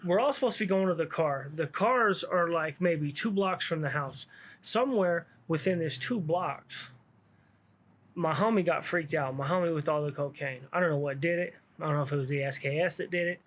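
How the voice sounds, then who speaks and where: A man spins a yarn from his past in a loose, slangy, laid-back way, cursing as he goes. His voice sits a little higher than most men's. He talks like he's kicking it with friends. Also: moderate pace, a bit bright. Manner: slangy, laid-back street talk with frequent swearing. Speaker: vlogger telling his own story. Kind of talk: casual storytelling to camera.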